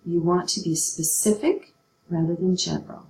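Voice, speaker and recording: A woman's voice: fairly low pitch, steady tone, normal speed, gravelly, a little mellow, reverberant, poor audio. A middle-aged woman teaching a writing lesson, patient and checking in often with her students. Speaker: English teacher.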